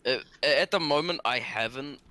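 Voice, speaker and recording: Man, casual gaming chat, halting, many fillers, bright edgy tone. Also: medium pitch. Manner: hesitant, halting, full of "like". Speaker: podcast co-host.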